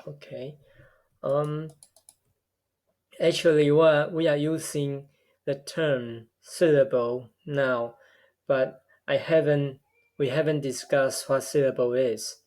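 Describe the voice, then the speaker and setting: A man giving a recorded linguistics lecture, explaining step by step in a measured way and often repeating words as he goes. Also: a little high, fairly even intonation, a little mellow. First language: a tonal language.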